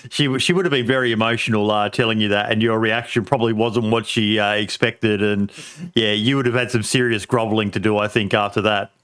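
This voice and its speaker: A man's voice: on the low side, fairly even intonation, brisk, a bit bright, clear, resonant tone. A middle-aged man hosting a podcast in casual chat, swearing freely and laughing often. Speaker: podcast host.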